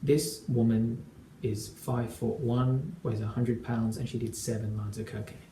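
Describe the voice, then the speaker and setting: A man's voice: mid-range voice, little pitch movement, measured pace, dark tone, slight background noise. A man in his twenties, a relationship coach, telling a personal story to camera in an earnest, emphatic way. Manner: earnest and emphatic, acts out quoted dialogue. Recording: echoey room.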